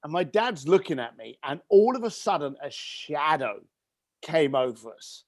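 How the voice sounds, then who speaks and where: A man guest on a podcast, telling a personal story in an animated way and acting out the voices of his family. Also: on the high side, moderate pace, no echo, clean studio sound. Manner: animated storyteller who acts out family dialogue. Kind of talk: storytelling interview.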